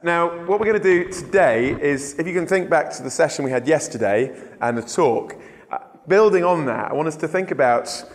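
Man teaching in a reverberant hall. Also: on the high side. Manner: relaxed, unhurried, filler-laden. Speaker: evangelism trainer. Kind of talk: conversational training talk.

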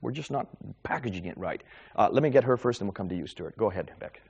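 Lively middle-aged male speaker, quick delivery with wide pitch swings; lecturer fielding questions. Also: vocal fry, slightly rough, highs cut off. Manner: animated, lively storytelling with quick repetitions. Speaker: Christian speaker taking audience questions. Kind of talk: lecture with audience Q&A.

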